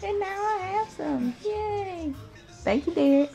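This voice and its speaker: A woman, vlogging casually in her small apartment. She chats excitably and uses baby talk with her pets. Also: very high-pitched, slow, gravelly, highs cut off, soft background music. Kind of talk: casual home vlog.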